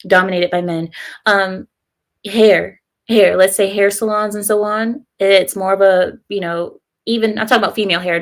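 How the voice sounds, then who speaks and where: A woman's voice: mid-range voice, vocal fry. A young woman hosting a casual live stream, giving her opinions and reading viewer comments aloud, often breaking into laughter.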